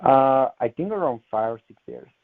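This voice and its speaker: A man's voice: mid-range voice, lively intonation. Young man with a strong Colombian accent. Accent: Colombian Spanish. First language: Spanish. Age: 20s. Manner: halting, searching for words. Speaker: guest salesman. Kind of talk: casual interview answers. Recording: tinny phone line.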